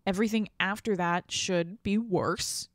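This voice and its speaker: A woman's voice: medium pitch, fairly even intonation, measured pace, dry recording, clean studio sound. Chatty woman co-hosting a podcast. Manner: chatty, laughs easily. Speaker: podcast co-host. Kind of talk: casual chat.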